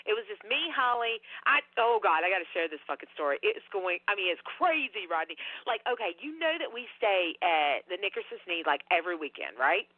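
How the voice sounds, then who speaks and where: A woman, a podcast guest telling a ghost story in an animated, rambling, profane way. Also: mid-range voice, a little fast, few pauses, dry recording. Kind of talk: casual storytelling. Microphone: phone call. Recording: dry tinny phone line.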